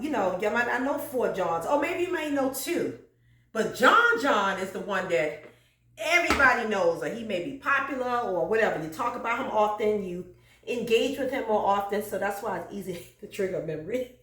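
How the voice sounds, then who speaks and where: A woman's voice: mid-range voice, a bit bright, far from the mic. A woman hosting her cooking channel, chatting casually as she cleans her home kitchen, laughing often and slipping into preaching cadences. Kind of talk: casual chat while cleaning. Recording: roomy kitchen echo.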